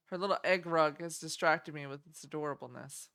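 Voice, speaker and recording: A young woman talks casually on a live stream, reacting to game trailers with easy giggles and quick delight. Her voice sits a little low for a woman, and she chats loosely with lots of filler words. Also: a bit bright. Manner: chatty, giggly, easily delighted.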